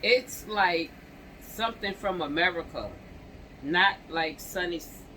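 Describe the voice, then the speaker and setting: A man hosting a channel, reading a news story aloud haltingly with stumbles and restarts, breaking off for casual comments to viewers while coughing and clearing his throat. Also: high voice, sharp tone, a little hiss or hum, poor audio.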